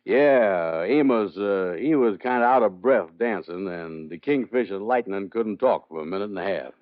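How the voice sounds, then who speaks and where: A man's voice: fairly low pitch, lively intonation, normal speed, dry recording, lightly acted. An actor playing a drawling, bossy middle-aged man in 1940s radio comedy acting. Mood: easygoing. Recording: dull dry old radio broadcast.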